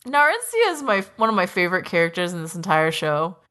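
A woman's voice: fairly low pitch, sing-song, fast talker, a bit bright. A woman co-hosting a podcast, chatting casually and animatedly about an anime, swearing freely and laughing often. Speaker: podcast co-host. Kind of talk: casual chat recapping an anime.

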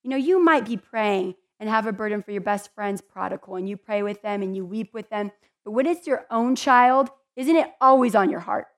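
A woman's voice: medium pitch, moderate pace. A woman giving a conversational Bible teaching in an earnest, heartfelt way, with chatty asides to her listeners.

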